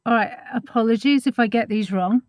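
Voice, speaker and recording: Brief: woman, guest, tentative and giggly, higher voice, dry sound. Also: a little fast, darkish tone, no echo. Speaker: community guest. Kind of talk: casual livestream chat.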